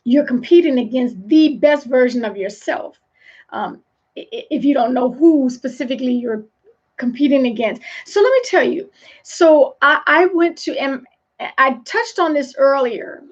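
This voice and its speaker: A high-pitched woman speaks as a leadership coach in a motivational live talk. Her delivery is emphatic and preachy, with repeated phrases for weight. The sound is dull and lo-fi. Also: normal speed.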